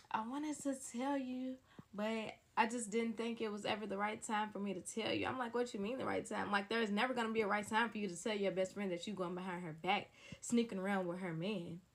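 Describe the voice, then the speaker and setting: At medium pitch, a young woman recounts a dramatic story to her listeners, keeping it casual and animated.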